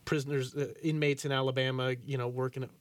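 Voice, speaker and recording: A man's voice: medium pitch, fast talker, no room sound. Joking podcast host man, dry close sound. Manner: joking deadpan, rambling with fillers. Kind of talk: casual podcast chat.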